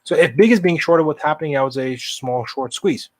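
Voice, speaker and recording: A man's voice: on the high side, fairly quick, no room sound. A man hosting a live stock market stream, talking viewers through charts in an impassioned, emphatic way and answering chat. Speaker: livestream stock market host.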